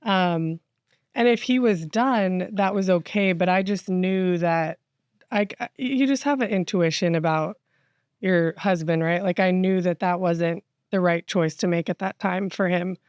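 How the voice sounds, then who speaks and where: A woman, an interview guest, speaking in a warm, reflective and frank way. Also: on the low side, a little slow, clean tone, no room sound, clean studio sound. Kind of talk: candid conversation.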